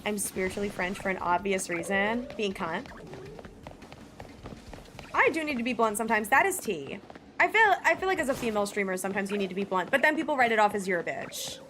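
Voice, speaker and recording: A woman's voice: medium pitch, expressive, brisk, fairly bright tone, a little hiss or hum. A woman streamer chatting casually with her live chat, blunt, swearing freely and laughing often.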